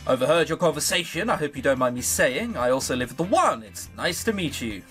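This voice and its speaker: A man reading the lines of a cheery, helpful young woman bartender in a visual novel, in a bright, welcoming way. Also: on the high side, animated, fairly quick, soft background music.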